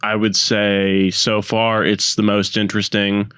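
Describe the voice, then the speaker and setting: Co-hosting a casual podcast, this man wanders through his points with many fillers and false starts. His fairly low, smooth, slightly bright voice is flat and measured, recorded cleanly in a studio with no room sound.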